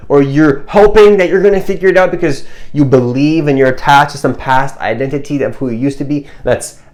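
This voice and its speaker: A man's voice: a little high, fairly quick, darkish tone. A man giving a motivational self-help monologue as a coach, earnest and rambling, often restarting and repeating his points. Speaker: manifestation coach.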